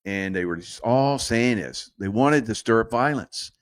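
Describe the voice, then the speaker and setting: Casual male commentator, slightly low voice, digressive and chuckling. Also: expressive, measured pace, dry recording. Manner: rambling, digressive, laughs at own jokes.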